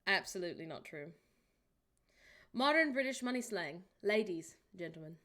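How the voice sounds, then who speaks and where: A woman's voice: on the low side, expressive, moderate pace, pauses often, pushed and bright. A young American woman hosting a casual live stream, reading chat aloud, joking and laughing often, with incredulous outbursts. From United States. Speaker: livestream host.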